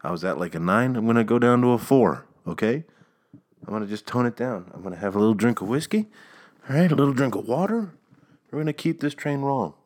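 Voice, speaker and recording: A man's voice: medium pitch, quick pace. A young man hosting a casual solo podcast, rambling and ranting with frequent chuckles. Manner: animated, ranting, chuckles often. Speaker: podcast host. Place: outdoors or near a window, planes heard passing.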